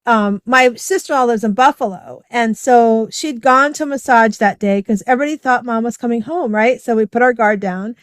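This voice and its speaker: Middle-aged woman, podcast guest, casual storytelling, fairly high voice, dry close sound. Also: clear, resonant tone, no echo. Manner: chatty, heavy use of "like" and "right?".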